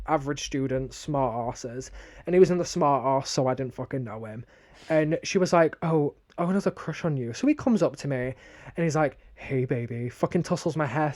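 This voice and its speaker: A young man from northern England, with a Northern English accent, co-hosts a casual podcast and tells a story bluntly with plenty of swearing. His voice sits on the high side and is a little mellow.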